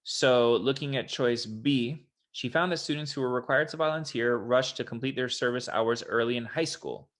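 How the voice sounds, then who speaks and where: A man's voice: medium pitch, normal speed, few pauses. A man tutoring for a college entrance test, casually walking through answer explanations in an online lesson. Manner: casual, explanatory, quotes examples in a put-on voice. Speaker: SAT tutor. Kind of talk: online test prep walkthrough.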